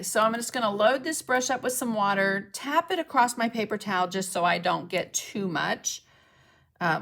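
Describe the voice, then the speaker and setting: Brief: woman art instructor, mid-pitch, live painting demo, chatty, checks in with viewers, thanks commenters. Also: sharp tone. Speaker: mixed media art instructor. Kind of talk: live-stream painting demonstration.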